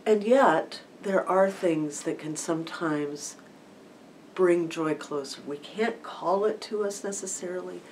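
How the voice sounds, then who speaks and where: Middle-aged woman minister, low-pitched, unhurried reflective storytelling, distant mic. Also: a little hiss or hum. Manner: thoughtful, unhurried storytelling with pauses and fillers.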